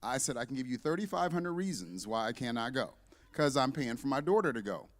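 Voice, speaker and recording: A man's voice: medium pitch, fairly quick, in a large hall. A man in his fifties, a church deacon, giving a humorous testimony to a congregation and acting out the dialogue in his story. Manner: lively, joking storyteller who acts out dialogue. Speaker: church deacon and visiting parent. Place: church sanctuary.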